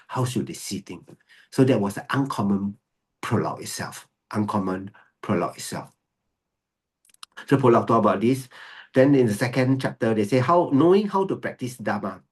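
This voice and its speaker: A man's voice: mid-range voice, slightly rough. A male Buddhist monk giving a dharma teaching, repeating key phrases for emphasis and slipping Mandarin phrases into his English. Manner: mixes English with Mandarin phrases, laughs often.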